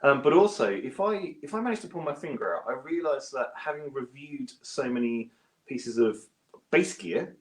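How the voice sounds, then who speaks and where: A British man, a guest bass player, chatting self-deprecatingly from his home studio over a video call. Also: normal speed. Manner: chatty and self-deprecating, with lively pitch jumps. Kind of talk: casual interview chat. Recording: roomy echo.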